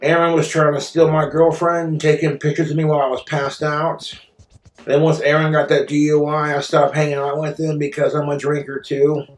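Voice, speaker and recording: Bitter, profane man venting, slightly high voice, replayed clip in a roomy space with faint music. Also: flat delivery, normal speed. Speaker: streamer telling his story. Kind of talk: angry personal rant.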